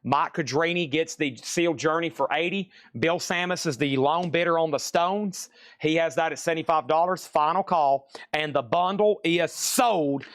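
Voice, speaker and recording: A man hosts a live-streamed record sale, calling out bids and prices with a playful, joking patter. His voice sits fairly high and sounds dry and close to the mic. He repeats items and prices for emphasis. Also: moderate pace, no room sound.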